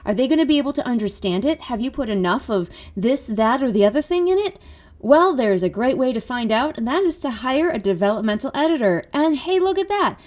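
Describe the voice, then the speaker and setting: A woman's voice: lively intonation, brisk, darkish tone. A woman reading an upbeat, chatty voiceover ad for her own editing work. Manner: upbeat, chatty sales pitch. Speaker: freelance editor. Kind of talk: ad read voiceover.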